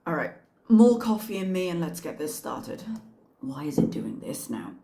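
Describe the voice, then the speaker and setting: A woman's voice: sits low, sing-song, moderate pace, warm tone. A woman hosting a reaction channel, giving casual commentary with wry, sarcastic asides. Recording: echoey room.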